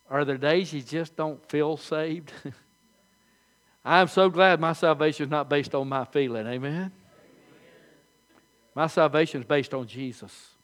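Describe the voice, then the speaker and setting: Delivering a sermon, this older male pastor spins homespun stories in a medium-pitched voice. His delivery is lively yet broken up by frequent false starts.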